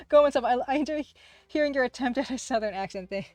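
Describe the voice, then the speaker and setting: A woman hosting a casual livestream, who talks fast, rambles through chat replies, laughs often and pokes fun at herself. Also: high-pitched, big pitch swings, a little mellow, dry recording, faint music behind. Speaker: livestream host and game artist.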